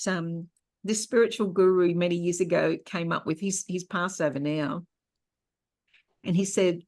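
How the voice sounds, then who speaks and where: A woman's voice: on the low side, unhurried. A middle-aged woman hosting an online workshop, teaching in a conversational way and telling personal stories. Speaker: workshop host and therapist.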